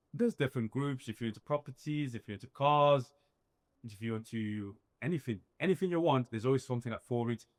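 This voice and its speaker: A man's voice: mid-range voice, dry recording. A young man, an entrepreneur, giving a live motivational talk and acting out dialogue as he tells stories. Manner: animated storytelling, acts out his own quoted dialogue.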